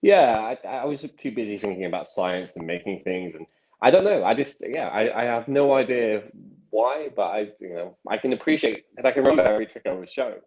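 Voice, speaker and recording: Man, 30s, low voice, chatty magician guest, rambling storyteller, dull recording. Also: lively intonation, fairly quick. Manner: rambling storyteller with many restarts and acted quotes. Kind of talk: casual interview chat.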